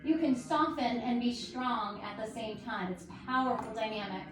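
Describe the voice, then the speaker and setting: A woman guiding a yoga class at home, calm and encouraging as she talks listeners through each pose. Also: fairly high pitch, moderate pace. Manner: calm, encouraging, gently instructive. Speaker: yoga instructor. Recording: echoey room with faint music.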